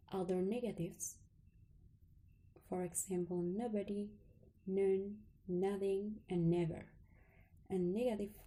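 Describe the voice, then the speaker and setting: A woman presenting an English test lesson, slowly listing rules and example phrases. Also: mid-range voice, mellow, rough recording. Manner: slow listing reading, some words whispered. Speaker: student presenter. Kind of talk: reading lesson slides.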